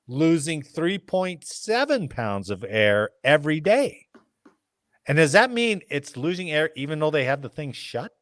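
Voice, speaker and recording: Lively, joking male podcast host. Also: a little high, dry recording. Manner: jokey, reads articles then riffs with funny voices. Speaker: podcast host reading news. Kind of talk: casual chat, reading news aloud.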